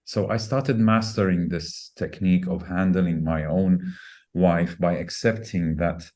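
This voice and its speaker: A man's voice: sits low, fairly even intonation, unhurried, darkish tone. A middle-aged man, a podcast guest, candidly telling a personal story in an earnest, reflective way. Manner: earnest, reflective, speeds up when quoting himself.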